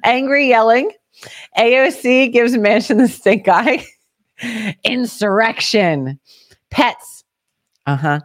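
A woman's voice: fairly high pitch, slow pace, long pauses, no echo, studio quality. Chatty, agreeable woman podcast co-host. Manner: chatty, agreeable, laughs often. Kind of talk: casual political chat.

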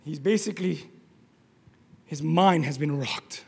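A man preaching a sermon, shouting at times and then dropping to a hushed, low delivery. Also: a little slow, vocal fry, husky. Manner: shouting, dramatic swings from loud to hushed. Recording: long reverb of a large hall.

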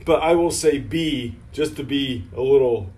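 A man's voice: mid-range voice, a little slow, a little mellow, slightly rough. A man co-hosting a casual podcast, answering trivia with sarcastic jokes and frequent swearing. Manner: sarcastic, swears freely, joking. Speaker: podcast co-host answering quiz. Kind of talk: casual chat.

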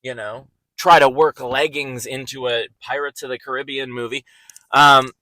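Rambling, excitable man with a bright voice. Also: moderate pace, no echo, rough recording. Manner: rambling, excitable pitch with frequent ums and restarts. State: out of breath. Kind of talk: comedic rant.

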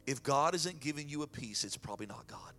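A man's voice: on the high side, expressive, fairly quick, faint music behind. A man preaching a sermon in a folksy way and then praying aloud. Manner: folksy preaching, shifts into loud prayer. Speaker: pastor.

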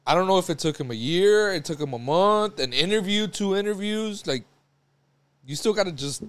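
A man's voice: sits high, animated, normal speed, smooth. A man co-hosting a casual podcast chat, telling stories full of swearing and laughter. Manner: profane storytelling, laughs often. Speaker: podcast co-host.

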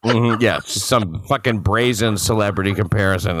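A man's voice: lowish voice, normal speed, background noise. A man guesting on a podcast, reading crime news aloud with dry, sardonic asides in casual banter.

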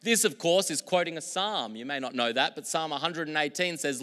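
A man preaching a sermon as pastor, moving between loud, emphatic proclamations and quiet, reflective asides. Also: on the high side, expressive, fairly quick, hardly any pauses. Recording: long hall reverb.

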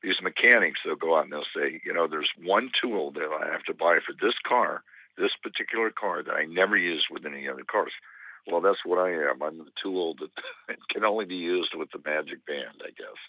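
An American man chatting in an interview, wry and self-deprecating, with a gravelly voice. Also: low-pitched, fairly quick, no echo, lo-fi sound. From United States. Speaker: touring musician guest. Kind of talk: phone interview chat.

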